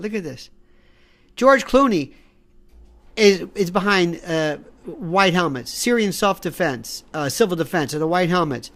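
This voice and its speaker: A man's voice: fairly high pitch, fairly bright tone. A man delivering an impassioned, exasperated political commentary rant straight to the viewer, often stumbling and restarting his words. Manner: talks straight to the viewer while browsing online.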